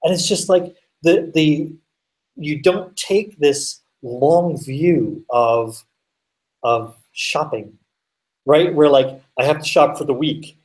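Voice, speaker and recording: A man's voice: on the high side, slow pace, recorded from a distance, rough recording. A man telling a story as a guest in a rambling, chatty way with lots of fillers, over a remote call. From United States.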